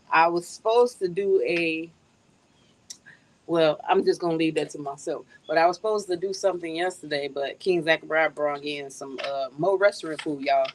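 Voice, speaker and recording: A middle-aged woman runs a casual live stream on her phone from outdoors in a yard, chatting with viewers and laughing often. Her voice is on the low side. The recording is low quality, with faint outdoor noise and crickets.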